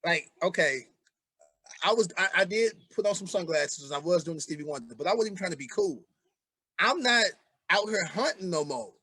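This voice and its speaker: A man's voice: high-pitched, lively intonation, normal speed, sharp tone, slightly rough, no room sound. A man in his forties co-hosting a podcast, chatting casually in a laid-back way. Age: 40s. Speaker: podcast co-host. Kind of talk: casual chat.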